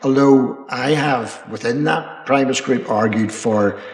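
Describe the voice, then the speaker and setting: An older man, an archbishop, answering questions at a public dialogue in a measured, rambling way, pausing with ums and restarts. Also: mid-range voice. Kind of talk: unscripted panel answer. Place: college chapel. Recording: echoey chapel with long reverb.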